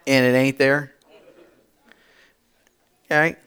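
A male pastor telling a story in a sermon, chatty and repetitive, building to loud emphatic bursts. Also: medium pitch, little pitch movement, takes it slowly, clean tone.

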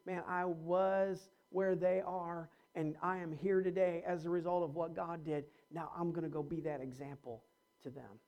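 A man preaching to his congregation with strong swings in energy. He rises into loud urging, then drops low and quiet, and he turns to his listeners directly with calls and challenges. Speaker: pastor. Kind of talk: sermon.

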